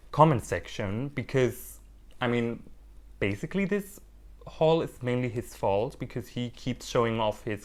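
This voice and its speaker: Guy chatting thru an unboxing vlog, playful and jokey, pokes fun at himself, normal mid voice. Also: medium pitch. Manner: animated, playful and self-mocking. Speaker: orchid hobbyist vlogger. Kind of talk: casual unboxing chat.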